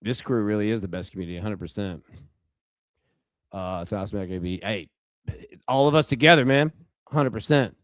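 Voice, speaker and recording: Pausing often at a normal speed, a fairly low-pitched man runs a casual live sports betting stream, reacting to baseball and chatting with viewers through lots of fillers and restarts. The studio audio is clean, without echo.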